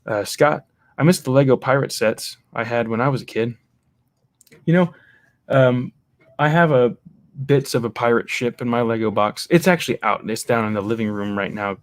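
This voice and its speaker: A man's voice: medium pitch, normal speed, dry recording. A man in his thirties hosting a livestream, chatting casually about toys as he reads out viewer comments, rambling with many fillers and restarts. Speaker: livestream host.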